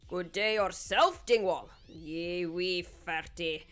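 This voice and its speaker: A woman's voice: fairly low pitch, slow, a bit bright, faint music behind, voice pushed down. A woman voicing a prim, grumpy old Scottish lord in a put-on Scottish accent. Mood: scornful. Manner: reading game dialogue aloud, scornful.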